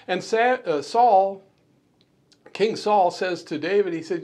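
A man delivers a sermon in a fairly high voice. He preaches emphatically, racing through some phrases and drawing others out slowly for weight, often restarting his words mid-sentence. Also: darkish tone. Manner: emphatic preaching, quick bursts and slow stresses, many restarts. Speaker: pastor.

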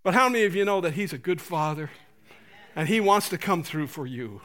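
High, bright-voiced male pastor preaching. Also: a little fast. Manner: animated, laughing, acting out prayers in funny voices. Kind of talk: sermon.

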